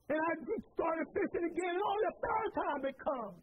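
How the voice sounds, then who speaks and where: A middle-aged male preacher with a very high voice delivers a sermon in a storytelling way. He repeats his phrases and rises to shouts. The sound is thin and tinny, like a phone line. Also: expressive, a little fast, few pauses.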